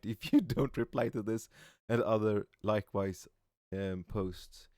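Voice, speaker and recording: A man casually reading memes aloud, often stumbling over words and reacting with soft "aw" sounds. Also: on the low side, dry recording, clean studio sound.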